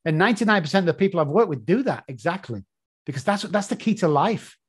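A man's voice: sits high, expressive, quick pace, breathy edge. A man with an English accent giving an emphatic motivational talk, repeating key phrases and swearing freely. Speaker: motivational speaker.

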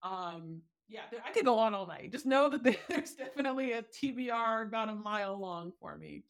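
Lively, laughing woman guest with a high voice. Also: moderate pace. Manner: animated, laughs often, exclaims "oh my god". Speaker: podcast guest, book reviewer. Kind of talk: casual podcast interview. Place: home office.

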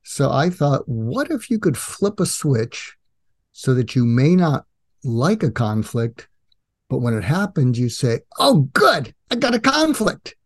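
A man's voice: medium pitch, measured pace. An older man, a guest psychiatrist, explaining in an interview and acting out quoted dialogue. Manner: animated, acts out quoted dialogue.

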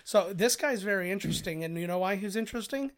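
Guy doing a laid-back movie commentary chat, kinda high voice, rambles a lot. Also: lively intonation, fast talker. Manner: rambling, lots of fillers, film trivia. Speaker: podcast co-host.

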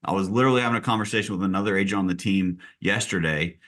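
A man who leads a real estate team, telling stories in an energetic, direct and emphatic way during a podcast conversation. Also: sits low, racing.

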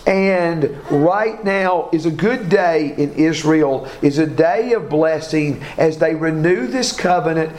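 A man's voice: on the high side, darkish tone. A man teaching a Bible class, reading scripture aloud and asking his students questions. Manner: reads scripture aloud, asks class questions, self-corrects. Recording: echoey room, faint background noise.

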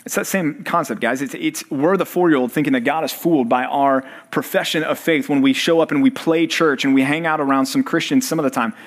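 Higher-voiced man preaching a sermon. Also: fairly quick, few pauses. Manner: quizzes the audience with fill-in-the-blank questions. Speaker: pastor. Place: church service for college students.

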